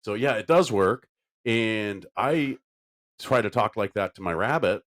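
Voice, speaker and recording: A man co-hosting a podcast in casual chat, telling stories in an animated way and jumping into a high silly voice now and then. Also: unhurried. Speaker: podcast co-host.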